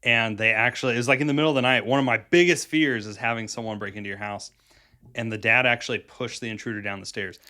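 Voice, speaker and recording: A man co-hosting a podcast, telling a story in casual, animated chat with quick asides and restarts. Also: mid-range voice. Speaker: podcast co-host.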